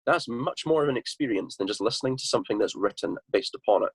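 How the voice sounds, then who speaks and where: Fast-talking Scottish man with husky low voice. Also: expressive, dry recording. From Scotland. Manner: swearing, blunt and laughing. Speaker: podcast guest, musician. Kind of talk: casual podcast chat.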